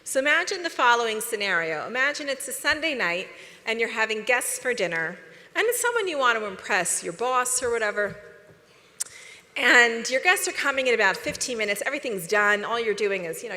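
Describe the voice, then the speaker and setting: A woman giving a conference talk, chatty and animated, often asking the audience questions. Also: fairly high pitch, in a large hall. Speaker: speaker.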